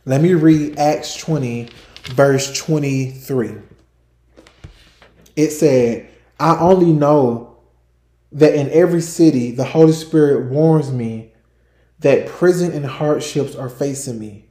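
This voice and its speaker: A man's voice: mid-range voice, slow pace, dark tone, roomy sound. A man hosting a faith podcast, preaching in an emphatic, repetitive way and restarting phrases as he builds his points. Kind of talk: sermon-style podcast talk.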